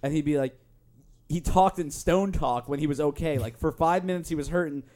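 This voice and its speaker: A young man in relaxed conversation whose voice sits a touch higher than most. He tells stories animatedly, swears freely and acts out what people said. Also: fairly quick. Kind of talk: casual storytelling chat.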